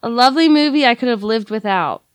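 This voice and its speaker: High, giggly woman co-host. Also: fast, smooth, dry recording. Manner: giggly, excitable. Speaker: podcast co-host. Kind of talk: casual chat.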